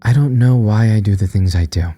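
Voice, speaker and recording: A man voicing a cold, detached teenage sister in a spoken horror story, cool and measured. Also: lowish voice, pitched above the performer's own voice, close to an everyday voice. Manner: flat, cool, measured delivery.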